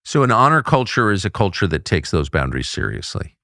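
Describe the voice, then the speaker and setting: A man's voice: lowish voice, very animated, a little fast, bright, forceful tone, no room sound, clean studio sound. A man hosting a conversational interview, mostly giving brief affirmations and asking probing follow-up questions. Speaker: interview host.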